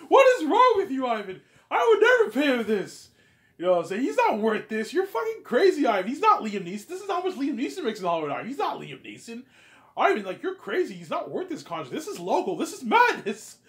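Greedy, scornful movie director, as a man puts him on, pitched up high and shouting. He laughs in disbelief and sneers at any big pay offer. The voice jumps all over the place. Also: sing-song, quick pace. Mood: outraged. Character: greedy, cheap male film director, scornful.

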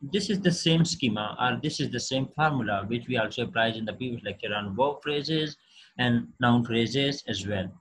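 Pria dosen bersuara serak, terbata-bata. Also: male voice, medium pitch, slightly rough, poor audio. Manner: halting, many fillers and restarts. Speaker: linguistics lecturer. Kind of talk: recorded online lecture.

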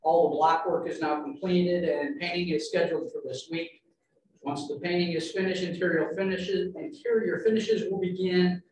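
A man, a school administrator, methodically walks a board through an update at a public meeting, picked up from a distance in a large room. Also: on the high side. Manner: steady, methodical, walks through points in order. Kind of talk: informational presentation at a public meeting. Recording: very echoey meeting room from far off, faint noise.

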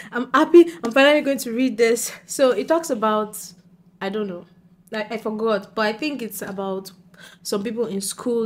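A young woman from Nigeria chatting excitedly and giggling as she talks straight to her viewers. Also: mid-range voice. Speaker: book vlogger. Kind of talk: casual chat to camera.

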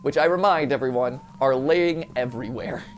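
A man hosting a casual let's-play, excitable and joking, shouting at the game as he plays. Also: a little high, normal speed. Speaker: host. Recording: game music behind.

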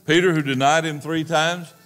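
A man's voice: a little high, steady tone, soft background music. Emphatic preaching man. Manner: emphatic, addresses the congregation directly; swings between loud emphasis and hushed, slow delivery. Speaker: pastor. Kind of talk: sermon.

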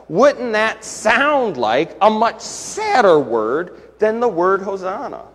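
A man's voice: sits high, big pitch swings, a little slow, few pauses. A man preaching a sermon as pastor, earnest and building to emphatic questions. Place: church sanctuary. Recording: long church hall reverb.

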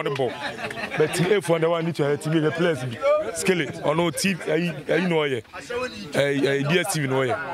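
A man with a Ghanaian accent, an amateur footballer, chats and jokes about his side. His voice sits slightly high, and a crowd is clearly heard around him outdoors.

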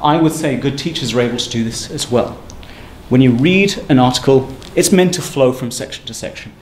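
A man giving a university seminar talk, brisk and emphatic in a conversational lecturing manner. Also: medium pitch, darkish tone. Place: lecture room. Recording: echoey room with faint ambient noise.

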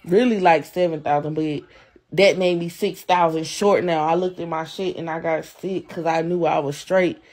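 A woman's voice: sits low, steady tone, normal speed, a little mellow. A young adult woman on a livestream, ranting in a heated, profane, repetitive way and answering her chat. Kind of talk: angry live-stream rant.

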